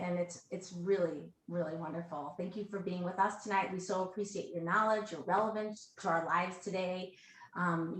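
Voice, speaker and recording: A woman hosting a virtual event interview over a video call, giving warm, effusive thanks and praise to her guest. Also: fairly low pitch. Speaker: event host and moderator. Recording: echoey room, faint background noise.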